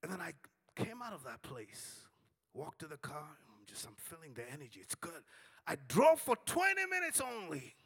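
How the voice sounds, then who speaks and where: A man preaching a sermon, telling dramatic stories and acting out the dialogue, with calls for the congregation to shout back. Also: a little high, huge pitch swings, normal speed, creaky, husky, big-room sound. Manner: dramatic storytelling with big swings between shouting and hushed tones; acts out dialogue with audience call-and-response.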